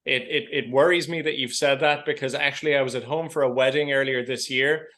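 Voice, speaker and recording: A man with a soft, mild Irish accent, speaking as a podcast guest. He is articulate and considered, sometimes restarting a phrase while he thinks, in a mid-range voice. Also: mid-range voice, fairly even intonation, brisk. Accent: Irish Midwest, mild. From Ireland. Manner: thoughtful, articulate, some hesitant restarts. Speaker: interview guest. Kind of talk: conversational interview answers.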